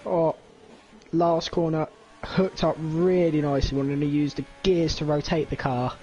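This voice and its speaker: A man's voice: on the high side, flat delivery, moderate pace, mellow, highs cut off, slight background noise. A young man co-commentating a sim race, talking through a lap in coaching second-person phrasing. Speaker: co-commentator, strategy analyst. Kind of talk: sim racing lap analysis.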